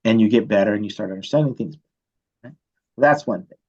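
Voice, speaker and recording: A man teaching chemistry, telling a story from his student days in a casual, animated way and checking in with "right?" often. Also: fairly low pitch, fairly quick, lo-fi sound. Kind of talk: storytelling lecture.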